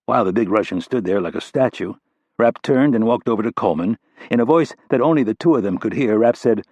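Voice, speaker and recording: A male audiobook narrator with a low, husky voice, reading in a steady, even way. The sound is close and dry, with no room around it. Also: quick pace, no room sound. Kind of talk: scripted narration.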